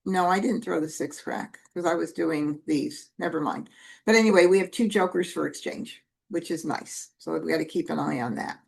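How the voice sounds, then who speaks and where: Chatty woman teacher with a gravelly voice. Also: fairly low pitch. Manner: chatty, self-correcting, conversational asides. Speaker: Mah Jongg instructor. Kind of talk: casual teaching while playing.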